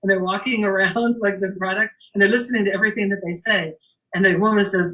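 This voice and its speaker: A woman's voice: mid-range voice, fast talker, low-quality recording. A middle-aged woman, a shop owner, telling an anecdote in a casual interview, acting out the dialogue and laughing often. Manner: animated storyteller, acts out the dialogue, laughs often.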